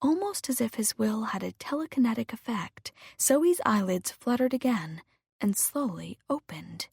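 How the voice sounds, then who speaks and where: A woman narrating a mystery audiobook in an unhurried, even way. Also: a little high, gravelly, breathy edge, dry recording, studio quality. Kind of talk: scripted narration.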